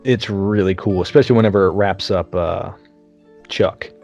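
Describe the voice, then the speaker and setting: A man's voice: low-pitched, normal speed, creaky, dull audio, faint music behind. Profane man retelling a film. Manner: profane, lively scene-by-scene retelling. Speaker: podcast host. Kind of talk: casual film review chat over beers.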